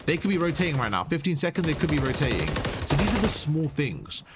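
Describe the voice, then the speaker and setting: A man's voice: on the high side, very animated, quick pace, heavy background noise. Male gameplay coach, patient and instructive, narrating a match review. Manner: instructive, repeats points with "you see?". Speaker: game coach. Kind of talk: coaching commentary over gameplay.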